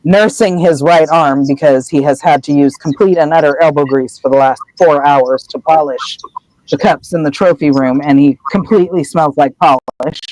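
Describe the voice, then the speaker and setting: A woman co-hosting a podcast, casually recapping a story in an animated way and slipping into voices. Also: low-pitched, normal speed, no echo, poor audio. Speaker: podcast co-host.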